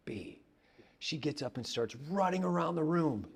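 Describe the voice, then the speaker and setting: A man preaching a conversational sermon as pastor, telling stories and dropping to a hush on repeated words. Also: a little high, expressive, normal speed, creaky, husky. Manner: conversational, storytelling, drops to hushed repetitions. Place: church.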